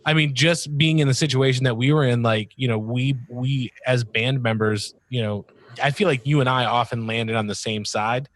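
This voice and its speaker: A man's voice: mid-range voice, fairly even intonation, normal speed. A man hosting a podcast in casual chat, talking in a loose rambling way full of fillers and easy laughs. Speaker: podcast host.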